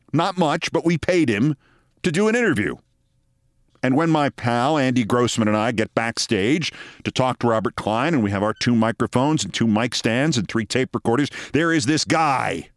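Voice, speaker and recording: Animated older man telling a wry story. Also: on the high side, no echo, studio quality. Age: 60s. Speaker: host. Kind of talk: personal storytelling.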